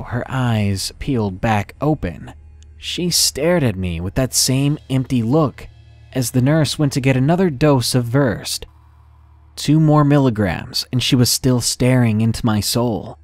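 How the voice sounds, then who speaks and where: A man reading a first-person horror story in a measured, dramatic narration style. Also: medium pitch, no room sound.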